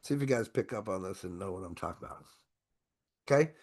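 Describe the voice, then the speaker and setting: A man giving an online sales training to his own camera, talking in an energetic, conversational way and often checking in with "right?". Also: low-pitched, fast talker, slightly rough.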